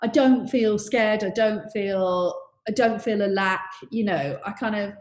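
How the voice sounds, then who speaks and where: A woman's voice: medium pitch, measured pace. A middle-aged woman talking thoughtfully as a podcast guest, in a chatty way full of "you know". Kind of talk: reflective conversation. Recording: roomy echo.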